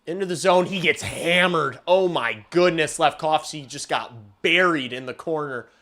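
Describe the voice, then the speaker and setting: A man streaming a hockey game and calling the play-by-play, excitable and swearing casually, shouting on big plays. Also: on the high side, unhurried. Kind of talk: live watch-along hockey commentary.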